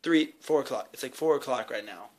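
A young man casually rambling in a behind-the-scenes vlog, excited and full of fillers, on an indoor home video set. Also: medium pitch, a little fast. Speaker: YouTube creator.

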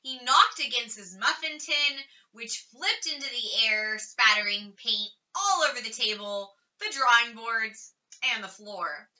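A woman reading a children's chapter book aloud with lively, expressive storytelling. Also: a little high, a little slow. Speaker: audiobook reader. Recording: slightly distant, dull lo-fi recording.

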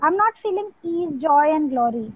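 A woman's voice: high-pitched, animated, normal speed, no echo, lo-fi sound. A woman asking for coaching, talking hesitantly with many fillers and restarts. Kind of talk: casual call conversation.

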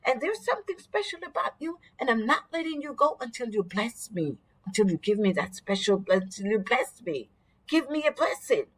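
A woman's voice: a little high, big pitch swings, moderate pace, breathy edge. A woman voicing a desperate, pleading young man. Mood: insistent. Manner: pleading, insistent. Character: desperate determined young man wrestling a stranger.

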